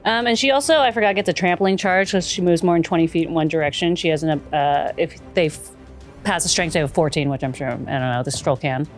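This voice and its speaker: A woman's voice: low voice, quick pace, soft background music. A woman playing a tabletop game, chatting through her character's abilities and correcting herself. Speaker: player. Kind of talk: casual tabletop play.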